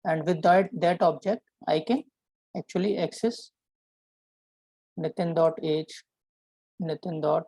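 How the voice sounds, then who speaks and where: A man teaching a programming lesson, explaining step by step and often checking in with a quick "right?". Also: a little high, fairly even intonation, mellow, dry recording, rough recording. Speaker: programming instructor. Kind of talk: live coding lesson.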